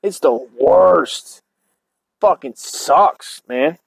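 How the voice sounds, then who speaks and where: Man host, fairly high voice, swears nonstop, loose rambling rant, dry close mic. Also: lively intonation, drawn-out words, vocal fry, husky, dry recording, low-quality recording. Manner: crude, rambling, swearing constantly. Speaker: show host. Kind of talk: profane comedic rant.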